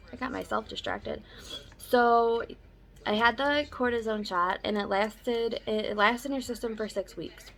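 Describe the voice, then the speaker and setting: A woman's voice: mid-range voice, a bit bright. A young woman chatting casually in a personal vlog update, rambling with filler words. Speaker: vlogger.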